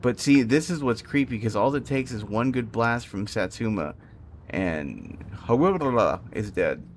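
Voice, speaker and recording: A young man streaming a naval battle game, reacting in excited bursts of live commentary. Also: medium pitch, a little slow, slight background noise.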